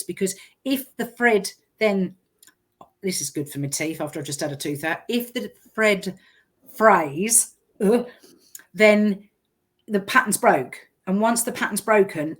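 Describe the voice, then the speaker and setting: A woman's voice: mid-range voice, unhurried. A woman in casual chat as a business owner, telling stories and acting out quoted voices. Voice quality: chatty storyteller, lively quoted voices.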